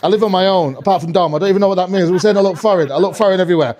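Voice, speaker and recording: A man's voice: high voice, racing, darkish tone. A man doing a live stand-up routine on a comedy club stage, rambling, swearing and talking to the crowd.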